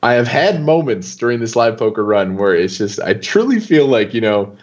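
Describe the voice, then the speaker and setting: A young man talking as a guest on an interview show, loose and animated, full of casual fillers. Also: medium pitch, normal speed, dull audio. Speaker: poker player guest.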